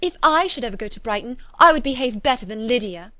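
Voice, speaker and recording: A woman's voice: a little high, expressive, quick pace, bright, forceful tone, no echo, clean studio sound. A woman putting on a fretful young girl. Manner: fretful, whiny.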